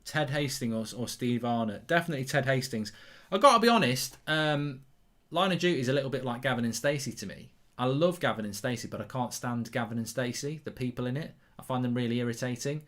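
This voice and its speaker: A man's voice: medium pitch, animated, a little fast, a bit bright. A man hosting a football watchalong live stream, chatting casually and reading out viewer comments in a rambling, self-mocking way.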